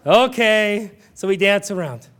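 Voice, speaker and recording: A male pastor delivering a sermon, telling family stories and building to loud, fervent emphasis, with frequent restarts. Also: high voice, lively intonation, normal speed. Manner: acts out his daughter's voice in stories.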